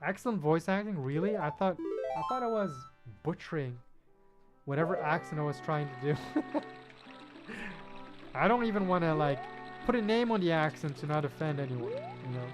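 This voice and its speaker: Over background game music, this young man from Belgium talks casually to his stream audience as he plays. His voice is a little high and sing-song, at a moderate pace with frequent pauses, and he stays friendly, repeating himself and calling out viewers by name.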